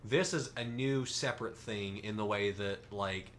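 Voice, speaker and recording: A young man with a lowish, bright and forceful voice talks through a topic in casual podcast chat, full of ums, false starts and restarts. A faint hiss sits under the recording. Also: moderate pace. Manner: rambling, many ums and restarts. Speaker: podcast co-host. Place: shared room with other hosts.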